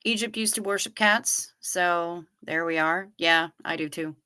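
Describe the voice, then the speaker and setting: Bright-voiced, wry woman chatting on a livestream. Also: lowish voice, measured pace, clean tone. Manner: chatty and wry, casually profane. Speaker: livestream host reading viewer chat. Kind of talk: casual chat.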